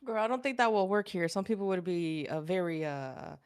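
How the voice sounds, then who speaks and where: A woman's voice: on the low side, expressive, fairly quick, smooth. Woman joking around, lots of laughs, voice goes up and down a lot. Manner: playful, teasing, laughs often. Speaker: guest. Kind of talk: casual chat.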